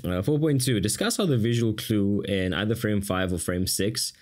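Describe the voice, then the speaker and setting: A man's voice: on the low side, moderate pace, darkish tone. A man from South Africa with a South African accent, giving a casual exam-prep lesson as a tutor with sarcastic, jokey asides to the viewer.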